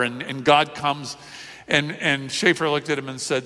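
Bright-voiced male pastor in echoing hall. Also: a little high, fairly even intonation, moderate pace. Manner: conversational with many fillers, asks the congregation questions. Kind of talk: sermon.

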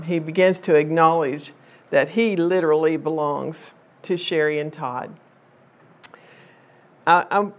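Older woman, lowish voice, chatty storyteller addressing a group, lots of ums. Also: vocal fry. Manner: chatty, unhurried, with many um fillers and restarts. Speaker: speaker telling a family story to a group. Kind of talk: personal storytelling to an audience.

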